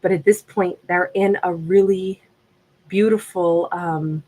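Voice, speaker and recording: A woman giving a gentle, reflective tarot reading in a conversational way. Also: fairly low pitch, fairly even intonation, takes it slowly, poor audio. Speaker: tarot reader.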